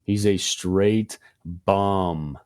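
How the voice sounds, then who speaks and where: A young man co-hosting a podcast, telling a story in a slangy, profane, animated way. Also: low voice, extremely slow, clean tone. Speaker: podcast co-host. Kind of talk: casual storytelling chat.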